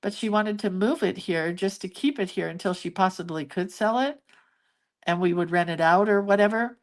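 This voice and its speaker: A woman's voice: mid-range voice, normal speed. A woman hosting a hand-lettering and doodling livestream, chatting casually and musing aloud as she draws and reads viewer comments. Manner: chatty, muses aloud while drawing and reading viewer comments. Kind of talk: casual craft livestream chat.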